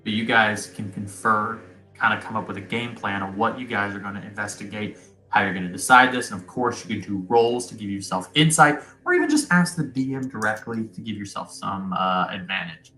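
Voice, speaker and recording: A man's voice: lowish voice, a little fast, pushed and bright, reverberant, soft background music. Laid-back male game master. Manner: laid-back, rambling with fillers. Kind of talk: narrating a tabletop game.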